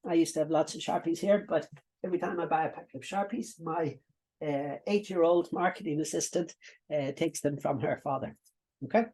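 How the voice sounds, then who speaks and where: A middle-aged business coach with a high, darkish voice walks viewers through a coaching lesson. His delivery is chatty and instructive, heavy with repetition, fillers, and asides.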